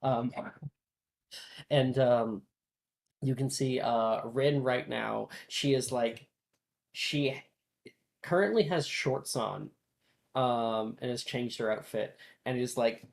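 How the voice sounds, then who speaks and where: Slow, halting tabletop game master. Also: medium pitch, creaky, a little mellow, poor audio. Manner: halting narration full of ums and likes. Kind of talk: narrating a tabletop role-playing game.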